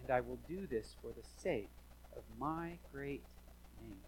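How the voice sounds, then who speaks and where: A man preaching a sermon as pastor, animated, swinging from hushed asides to loud emphatic lines, in a church. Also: medium pitch, a little slow, slight background noise, low-quality recording.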